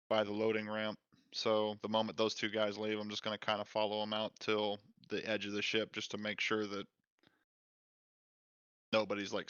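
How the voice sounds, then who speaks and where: A man's voice: lowish voice, sharp tone, smooth, dry recording, muffled recording. A man playing a tabletop game, talking casually and swearing freely. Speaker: player.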